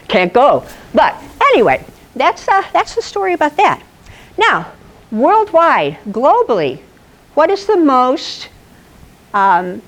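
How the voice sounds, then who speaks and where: A woman giving a playful astronomy presentation to a live audience, telling stories and quizzing the room. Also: mid-range voice. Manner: playful, animated, asks the audience questions. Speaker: presenter at an astronomy club talk. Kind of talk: lively storytelling lecture.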